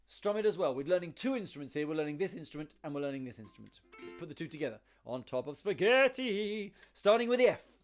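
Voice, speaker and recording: A man's voice: fairly high pitch, animated, racing, few pauses, a little mellow, faint music behind. A man teaching a ukulele lesson, encouraging, counting beats aloud and singing along. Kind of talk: online music lesson.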